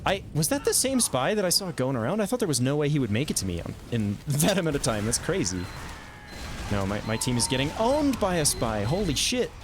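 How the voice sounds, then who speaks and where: A man streaming a video game, chatting casually about his plays with self-amused asides and quick reactions. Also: on the high side, big pitch swings, background noise. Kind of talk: casual gameplay commentary.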